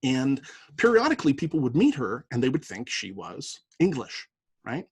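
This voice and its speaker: Husky-voiced male lecturer, chatty. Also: mid-range voice, huge pitch swings, normal speed, dry recording. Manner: conversational, many fillers and "right?" asides. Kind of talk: university lecture.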